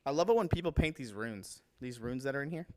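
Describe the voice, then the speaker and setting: A man's voice: mid-range voice, animated, quick pace. Rambling casual man hosting a stream. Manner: rambling, enthusiastic, stumbles over names. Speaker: livestream host showing painted miniatures. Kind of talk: casual livestream chat.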